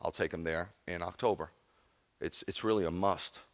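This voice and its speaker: A man's voice: low-pitched, fairly even intonation, normal speed. A middle-aged man, a rabbi, giving a sermon with emphatic, intense storytelling.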